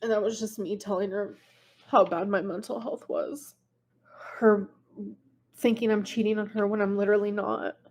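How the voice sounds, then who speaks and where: A woman on a livestream venting in a rambling, filler-heavy way and quickly reading text messages aloud. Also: mid-range voice, fairly even intonation, a little mellow.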